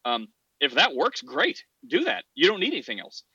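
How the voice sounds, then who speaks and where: A man co-hosting a casual podcast discussion, rambling and animated, often acting out quoted voices. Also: fairly high pitch, normal speed, creaky, husky, dry recording, muffled recording. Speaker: podcast co-host.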